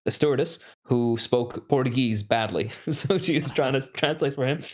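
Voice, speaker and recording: A man in casual podcast chat, telling stories in a relaxed way with fillers. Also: mid-range voice, moderate pace.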